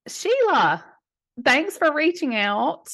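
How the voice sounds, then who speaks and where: A woman in her fifties with a Southern US accent, hosting a casual advice show and answering listener questions in an emphatic, chatty way with easy laughter. Her voice is a little hoarse today. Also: high voice, very animated, slow pace, a bit bright. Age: 50s.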